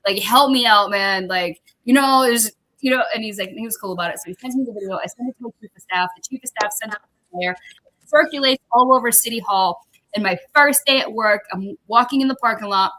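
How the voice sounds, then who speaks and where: A woman's voice: on the high side, fast. A woman working as a veterans director, telling stories and ranting with frequent swearing, acting out the voices of people in her stories. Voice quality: bright, expressive, swears freely. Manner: acts out both sides of conversations, laughs often. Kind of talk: profane animated storytelling and ranting.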